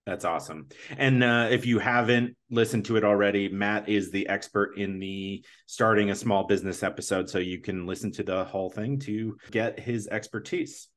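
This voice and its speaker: A man hosting a podcast, chatting casually and reading ads in a rambling, self-correcting way. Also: fairly low pitch. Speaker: podcast host. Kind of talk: casual podcast chat and ad read.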